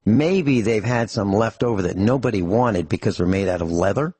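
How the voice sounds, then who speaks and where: A man's voice: lowish voice, moderate pace, mellow, slightly rough, dry recording. A middle-aged man co-hosting a radio talk show, telling rambling stories with dry humor and frequent restarts. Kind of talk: casual radio chat.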